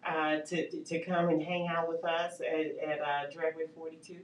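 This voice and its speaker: A woman's voice: sits low, level tone, normal speed, roomy sound, far from the mic, a little hiss or hum, low-quality recording. A woman hosting a call-in radio show, an eager, agreeable interviewer chatting with her guest. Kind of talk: casual chat on a call-in show.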